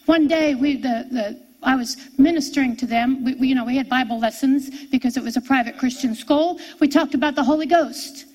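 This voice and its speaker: A middle-aged woman preacher telling a personal story in a sermon, animated and repeating key phrases for emphasis. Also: high voice, a little fast, hardly any pauses, poor audio.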